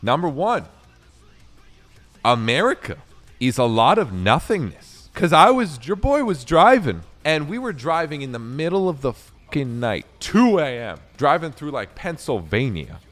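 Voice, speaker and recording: A man's voice: on the high side, unhurried, soft background music. Young streamer guy from canada ranting a story, lots of swearing, voice all over the place. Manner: animated, profane, rambling with many fillers. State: recounting a sleepless night drive. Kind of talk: casual storytelling.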